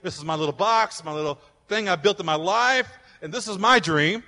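A man preaching a fervent sermon as pastor, building to loud declarations, recorded in a church with long reverb. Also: high-pitched, fairly quick. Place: church sanctuary. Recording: long reverb of a large hall.

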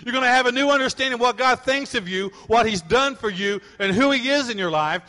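A man preaching as a church pastor, reading scripture and then building up to loud, fervent proclaiming. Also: very high-pitched, fast, few pauses. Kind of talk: sermon. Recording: long hall reverb.

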